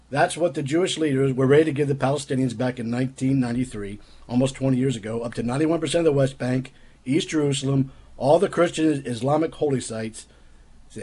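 A man's voice: medium pitch, fairly quick, a little mellow, breathy edge. A man giving argumentative commentary in an emphatic tone, quoting another speaker and answering with rhetorical questions. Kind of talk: critical commentary on quotes read aloud.

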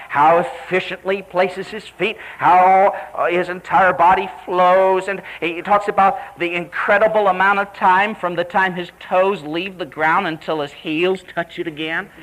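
A middle-aged man delivers a sermon in a notably high voice. He tells a story with animation, voicing the people in it and putting questions to his listeners. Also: rough recording. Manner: animated storytelling with quoted dialogue. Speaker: preacher.

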